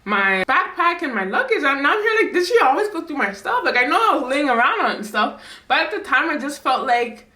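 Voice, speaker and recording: A young woman tells a storytime vlog in a bright, fairly high voice. She talks animatedly and replays her own past words with rising feeling. The sound carries the echo of a bare room. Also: big pitch swings, a little fast, hardly any pauses. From Canada. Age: 20s. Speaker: vlogger.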